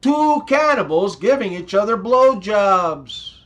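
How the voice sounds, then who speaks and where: A man telling jokes with a high, bouncing voice that swings up and down a lot. He takes his time, pausing before each punchline, in a slow, unhurried delivery. It sounds like a scripted comedy channel host. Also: big pitch swings, a bit bright.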